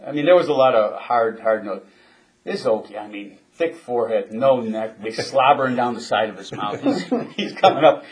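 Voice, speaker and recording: An older man and former Marine telling a story in a casual interview, chuckling often and halting with restarts. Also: mid-range voice, animated.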